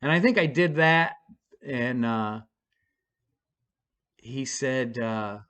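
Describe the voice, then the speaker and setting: A man casually telling a personal story to camera, rambling and self-deprecating with halting restarts. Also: mid-range voice, expressive, fairly bright tone, smooth.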